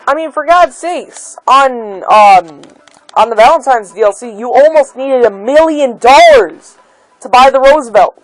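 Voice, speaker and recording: A woman's voice: medium pitch, rough recording. A woman giving a heated opinion rant about a video game, full of exasperation and many "like" and "um" fillers. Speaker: gaming video maker.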